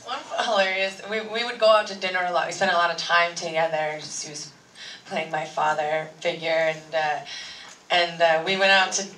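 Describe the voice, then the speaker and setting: A woman, an actress on a convention panel, telling rambling, lively anecdotes and laughing often. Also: fairly low pitch, moderate pace. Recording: echoey hall, far-off mic.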